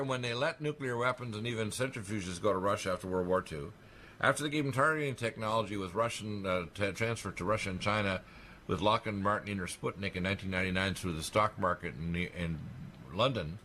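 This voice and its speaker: A man with a fairly low voice speaks on a radio talk show. He makes his points emphatically and in rapid succession. A faint hiss runs under his voice. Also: sharp tone. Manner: emphatic, rapid-fire alarming claims.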